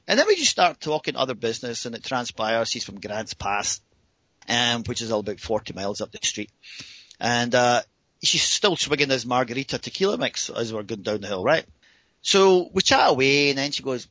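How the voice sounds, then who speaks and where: A Scottish man in his fifties telling a funny story with lively delivery, chuckling as he goes. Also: medium pitch, normal speed, dry recording, dull audio. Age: 50s. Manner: animated, laughs through his story. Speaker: guest. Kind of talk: anecdote storytelling.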